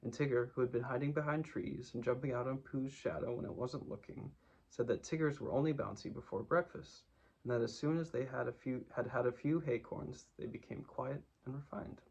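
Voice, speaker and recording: A man narrates a children's book in a calm, steady storytelling voice. His tone is husky with plenty of gravel. The recording is dull and lo-fi, pitched in an ordinary middle range. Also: fairly quick. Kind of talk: reading a children's book aloud.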